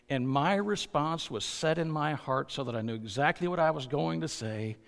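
A man preaching a sermon as pastor, earnest and building to loud, emphatic stresses. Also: a little high, normal speed, vocal fry, few pauses, big-room sound.

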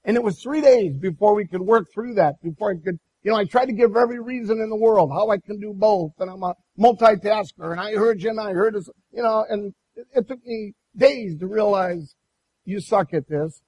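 A male pastor delivers a sermon, telling a personal story in an animated way. His voice sits high and carries a husky edge. He often restarts his phrases as he goes. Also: fairly quick, hardly any pauses, poor audio.

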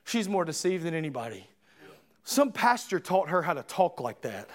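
A man preaching a sermon in a church, impassioned, rising to shouts and then dropping low and earnest. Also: very animated, moderate pace. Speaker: pastor.

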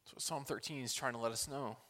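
A man preaching a sermon as pastor, earnest, moving between loud pleading passages and quiet, intimate ones. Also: medium pitch, fast talker. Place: church hall. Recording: long hall reverb.

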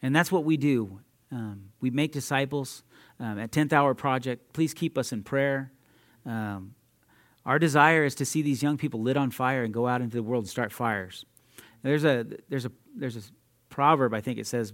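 A young adult man preaching a sermon in an energetic, conversational way, laughing often and talking straight to his listeners. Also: mid-range voice, normal speed. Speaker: preacher at a youth ministry.

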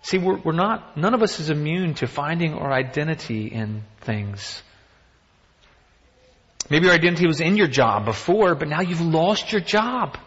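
A man delivers a conversational sermon, voice a little high, asking question after question. He drops in wry asides about himself. The dull recording carries a long reverb from a big hall. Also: lively intonation, normal speed, fairly bright tone. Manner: conversational, rhetorical questions, self-deprecating asides. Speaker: pastor.

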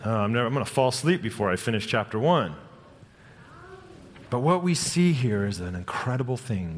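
A middle-aged man preaching a sermon, telling personal stories in an earnest way and slowing down for dramatic lines. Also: mid-range voice, big pitch swings. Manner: earnest, personal storytelling with dramatic slow-downs. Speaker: pastor. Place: church sanctuary. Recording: long hall reverb.

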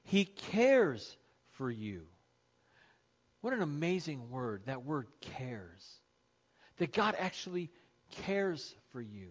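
A man preaches as pastor in a fairly high, very animated voice, with the high frequencies cut off. He's emphatic, repeating key phrases and slowing down to give them stress.

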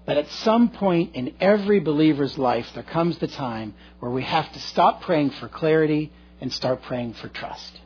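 A middle-aged male pastor preaching a sermon, telling a story earnestly and swinging between loud and hushed delivery. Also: fairly high pitch, animated, normal speed, few pauses, slightly rough. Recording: dull lo-fi recording.

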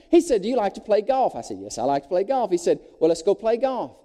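Man, pastor, storytelling sermon, very lively pitch, dark mellow tone, long reverb of a big church. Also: fairly quick, few pauses. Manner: animated storyteller, acting out quoted voices with big pitch jumps. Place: large church hall.

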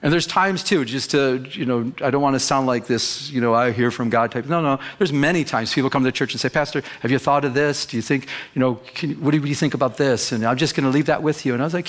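A man's voice: mid-range voice, a little fast, fairly bright tone. Emphatic preaching pastor, man. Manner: emphatic preaching, repeats phrases, acts out quoted people. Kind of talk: sermon.

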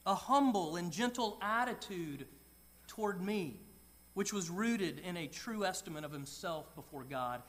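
A middle-aged male pastor delivers a sermon in a high, bright voice. He tells stories and often drops into soft, quiet asides. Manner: storytelling, with quick dips into soft quiet asides.

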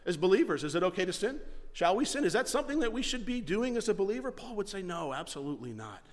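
A man's voice: sits high, expressive, fast, in a large hall. A man who is a pastor, preaching a conversational sermon, often restarting and repeating words as he explains.

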